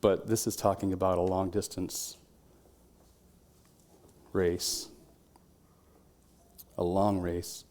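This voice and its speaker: Pastor preaching in a low voice. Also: male voice, flat delivery, slow pace, long pauses. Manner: conversational preaching, drops to quiet tones, shouts quoted cheers. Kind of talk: sermon. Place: church.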